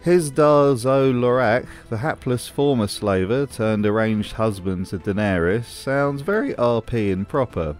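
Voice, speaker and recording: A man's voice: mid-range voice, measured pace, hardly any pauses, faint music behind. A man hosting a scripted commentary video, with a wry, sarcastic manner. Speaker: host.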